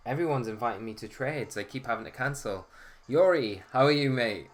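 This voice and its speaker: A man's voice: medium pitch, animated, fairly quick, soft background music. Chatty man hosting a stream. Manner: chatty, greets viewers by name. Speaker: live-stream host. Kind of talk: casual live-stream chat.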